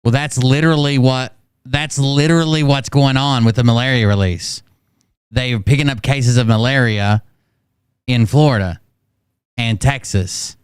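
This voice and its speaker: Sarcastic, cursing man, smooth dry voice. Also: medium pitch, unhurried, no echo. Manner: sarcastic, profane, scornful. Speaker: commentator reacting to a clip. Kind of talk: mocking live commentary.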